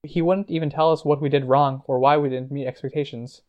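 Brief: male narrator doing a frank, pushy young woman cousin, slightly higher and livelier, a bit muffled. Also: steady tone, brisk, natural voice. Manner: pushy, exasperated questions.

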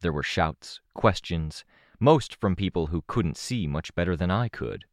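A man reading a first-person action story aloud in a steady, dramatic storytelling manner. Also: low-pitched, a little slow, no echo, clean studio sound. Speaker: audiobook narrator. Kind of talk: scripted first-person narration.

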